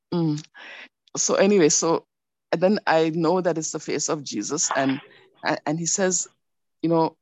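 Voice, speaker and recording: A woman telling a personal faith story in a rambling, animated way, with many restarts. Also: low voice, moderate pace, no echo. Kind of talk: personal testimony.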